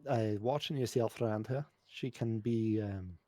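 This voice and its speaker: A man's voice: fairly low pitch, moderate pace, warm tone, faint music behind, lightly acted. A man voicing an awkward, shy male dwarf sailor who talks hesitantly and stammers. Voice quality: hesitant, stammering, clears throat.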